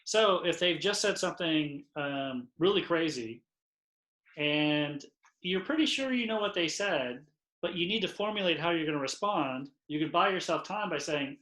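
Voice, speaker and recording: A man co-presenting a training talk for lacrosse officials, measured and explanatory. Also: fairly high pitch, expressive, fairly bright tone. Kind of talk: instructional talk. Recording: roomy echoey recording.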